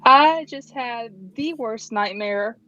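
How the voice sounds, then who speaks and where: A woman's voice: fairly high pitch, takes it slowly, bright, forceful tone, dull audio. A woman playing a tabletop game over voice chat, chatty and retelling things in a rush. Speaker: player. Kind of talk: casual play over voice chat.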